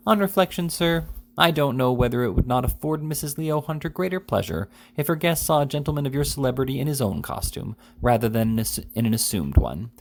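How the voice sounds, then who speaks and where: A man reading the part of a grave, pompous gentleman who flatters his guest in formal speech full of "sir". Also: medium pitch, a little fast, creaky, voice pushed up. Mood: fawning.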